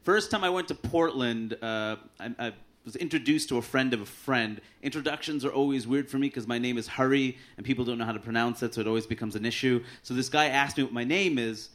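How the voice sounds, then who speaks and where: A man doing a stand-up set on a club stage with a handheld mic, dry and deadpan, putting on quick voices for his bits. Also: mid-range voice. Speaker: stand-up comedian. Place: comedy club stage with audience laughter. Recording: live club recording with clear audience noise.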